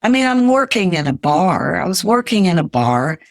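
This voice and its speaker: A woman's voice: lowish voice, very animated, normal speed, no room sound, clean studio sound. An older woman, a podcast guest, earnestly telling her life story in an interview.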